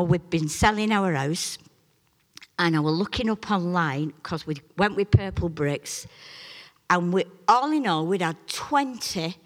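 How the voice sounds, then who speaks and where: A middle-aged woman preaches to a congregation. She tells her own story in a chatty way, then rises to loud, stretched-out emphasis before dropping back to soft asides. Her voice rings with the long echo of a large hall. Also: lowish voice. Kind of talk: sermon with personal testimony.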